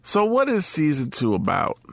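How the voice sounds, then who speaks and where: A man's voice: fairly high pitch, huge pitch swings, normal speed, gravelly. A man co-hosting a podcast, bantering with dry, wry humor in casual chat. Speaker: podcast co-host.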